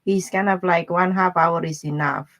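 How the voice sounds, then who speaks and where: A woman's voice: fairly low pitch, fairly even intonation, normal speed, fairly bright tone. Blunt, chatty woman tarot reader. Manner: blunt, chatty, laughs often, loose broken grammar. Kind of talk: live-stream tarot reading, casual chat.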